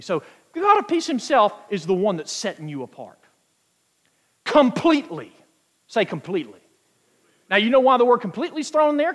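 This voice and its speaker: A man preaching a sermon, emphatic and quoting scripture, stretching key words out slowly for weight. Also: sits high. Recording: long hall reverb.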